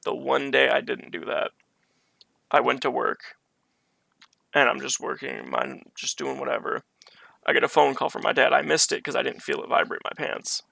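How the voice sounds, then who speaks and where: A man's voice: mid-range voice, moderate pace, vocal fry, pushed and bright, dry recording. A man streaming from his bedroom, telling a personal story in a rambling, conversational way with many restarts. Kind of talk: casual storytelling on a live stream.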